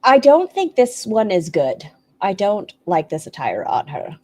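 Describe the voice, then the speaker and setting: A woman's voice: medium pitch, wildly swooping pitch, a little slow, dark tone. A woman hosting a casual commentary stream, making snarky, sarcastic remarks.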